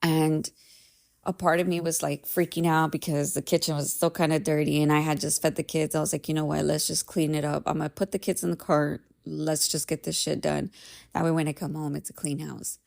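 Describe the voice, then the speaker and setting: A woman's voice: low voice, little pitch movement, brisk, vocal fry, darkish tone. A woman in her thirties hosting a podcast, telling a personal story in a candid, emphatic way, swearing freely and often asking "right?". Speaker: podcast host. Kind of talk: casual storytelling monologue.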